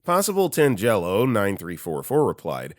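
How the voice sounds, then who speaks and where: A man with a low-pitched voice reads online stories aloud, swinging his pitch widely as he plays up the sarcasm. The sound is dry and close, with no room around it. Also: normal speed, no echo. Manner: animated, sarcastic storytelling. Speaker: story narrator.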